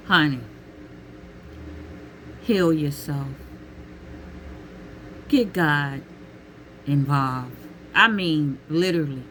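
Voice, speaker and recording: A middle-aged woman talking casually to camera with emphatic, expressive delivery, calling listeners honey and child and calling out to God. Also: deep voice, drawn-out words, pauses often, a little hiss or hum. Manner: peppers talk with exclamations to God. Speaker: vlogger giving relationship advice.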